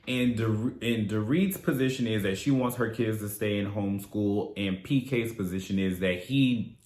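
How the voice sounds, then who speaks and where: A man's voice: on the low side, fairly bright tone, echoey room. A man hosting a casual recap of a reality TV show, sassy and blunt, with profane slangy asides. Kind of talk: casual video recap commentary.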